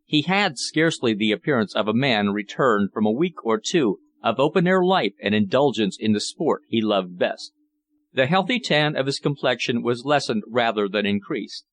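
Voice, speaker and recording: A man reads an old novel aloud in a steady, measured audiobook voice. He sits at a middle pitch for a man and moves through the prose at an even, unhurried pace. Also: no room sound. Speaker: audiobook narrator. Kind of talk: scripted audiobook narration.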